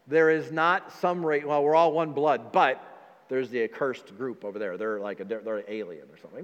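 A man's voice: fairly high pitch, animated, a little fast, in a large hall. A man preaching as pastor in a conversational sermon, with frequent fillers and restarts.

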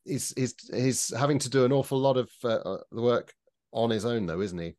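A man co-hosting a casual panel podcast, giving measured critical opinions with frequent restarts. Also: medium pitch, darkish tone. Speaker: podcast co-host.

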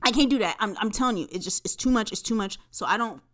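A woman hosting a casual solo podcast, telling stories in a profane, animated way, jumping from loud outbursts to low muttering. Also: fast. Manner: profane, animated storytelling with big swings between loud bursts and low mutters. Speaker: podcast host.

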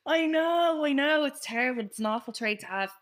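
A young woman co-hosting a podcast, chatting casually with self-mocking quick asides. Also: high voice, lively intonation, a bit bright. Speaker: podcast co-host. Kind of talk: casual chat.

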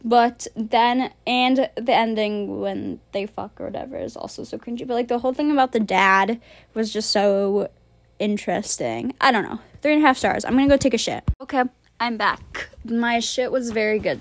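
Recorded without any echo, a young woman with a slightly high voice gives her casual monthly rundown of movies and shows. Her talk is rambling and blunt, packed with filler words.

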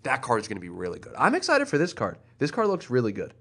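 Brief: male co-host, rapid-fire delivery, teasing and excitable, casual chat. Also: medium pitch, vocal fry, husky. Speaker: podcast co-host.

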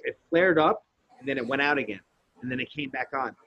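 A man's voice: mid-range voice, a little fast, dry recording, lo-fi sound. A man telling a story in casual podcast chat, swearing freely and acting out the lines he quotes. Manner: profane, animated storyteller who acts out quotes.

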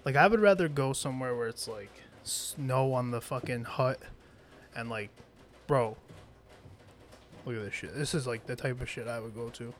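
A young man co-hosting a podcast in casual chat, excitable, joking and swearing. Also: medium pitch, normal speed, long pauses. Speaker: podcast co-host.

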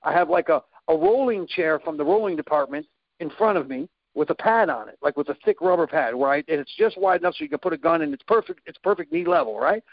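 Male storyteller, high animated voice with gravel, acts out sound effects; dry, slightly muffled recording. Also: fast, dry recording. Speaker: guest telling a story. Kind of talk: casual storytelling.

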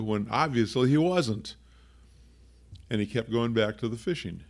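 Speaking at a normal pace with frequent pauses, a pastor gives a conversational sermon in a low, consistently gravelly voice. He stops to explain word meanings and drifts off into side remarks.

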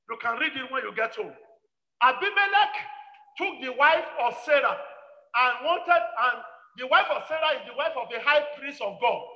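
A man, a pastor leading a congregation in fervent prayer, calling out repeated commands. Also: very high-pitched. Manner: shouted, repetitive commanding prayer. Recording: echoey hall with long reverb.

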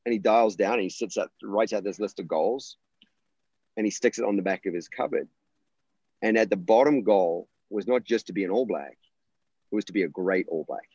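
A man's voice: on the low side, normal speed, a little mellow, slightly rough, no echo, muffled recording. A college volleyball coach, a man, telling stories earnestly and passionately, often restarting his sentences. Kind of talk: conversational interview storytelling.

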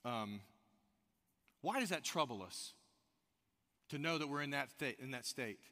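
Animated preacher man in an echoey hall. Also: medium pitch, unhurried. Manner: animated storytelling, rising to loud outbursts; addresses the congregation directly with questions. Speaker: pastor. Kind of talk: sermon.

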